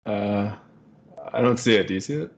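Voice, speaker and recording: A man taking part as a trainee in a software lesson, giving brief questioning replies. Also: lowish voice, normal speed, highs cut off.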